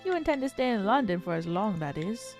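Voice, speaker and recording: A woman's voice: medium pitch, sing-song, fairly quick, soft background music, natural voice. A woman voicing a polite, knowing male taxi driver, reading game dialogue aloud in a courteous, formal manner.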